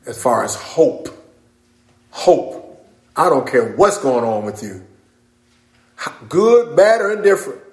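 A middle-aged man preaching a sermon as pastor, emphatic and calling out amens, rising at times to shouts. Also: mid-range voice, very animated, slow pace, pauses often. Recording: echoey room.

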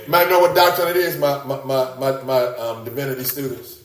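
A man preaching a sermon in an animated way, often rising high for emphasis and repeating his words. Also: brisk, reverberant.

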